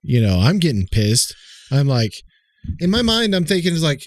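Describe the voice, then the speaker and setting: A man's voice: on the high side, big pitch swings, moderate pace, dry recording. A man co-hosting a podcast, telling a long profane story in casual chat and acting out the people he talked to. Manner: rambling, profane, retells calls in quoted voices. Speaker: podcast co-host.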